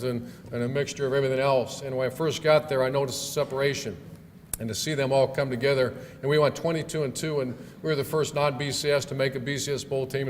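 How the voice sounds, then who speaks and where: A middle-aged man tells stories as a guest speaker, folksy and loose, full of fillers and restarts. His voice sits at a medium pitch and rings out with a long reverb in a banquet hall. Faint room noise runs underneath. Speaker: guest speaker, football coach. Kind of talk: storytelling speech at a club event.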